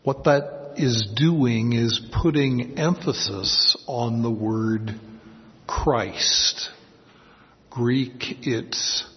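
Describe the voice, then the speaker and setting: A man teaching through a Bible passage verse by verse, slowly explaining words and stressing the key ones. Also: medium pitch. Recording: dull sound with long hall reverb.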